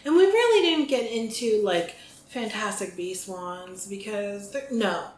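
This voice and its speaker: A woman's voice: medium pitch, animated, measured pace, a little mellow. Chatty woman podcaster, echoey room. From United States. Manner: chatty, trails off and restarts with ums. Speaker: podcast co-host. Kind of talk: casual chat. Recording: echoey room with faint noise.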